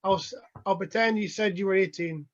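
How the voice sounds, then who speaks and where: A man's voice: high voice, brisk, highs cut off. A man in casual podcast banter, joking dryly with friends. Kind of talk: casual chat.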